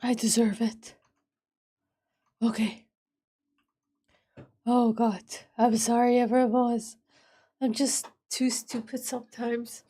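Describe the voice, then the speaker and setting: A woman's voice: a little high, little pitch movement, takes it slowly, pauses often, dark tone, breathy edge. A woman streamer chatting casually on a live stream, giggly and self-deprecating as she rambles, her nose stuffed up and burning.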